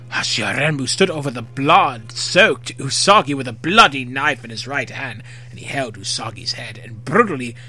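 A man reading fan fiction aloud, expressive, with occasional slips and rereads. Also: a little high. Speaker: narrator.

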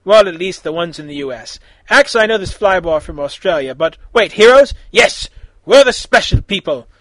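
A man's voice: high voice, expressive, moderate pace, fairly bright tone, no room sound, low-quality recording. A man voicing an eager, chatty young fire girl. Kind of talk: fan fiction reading.

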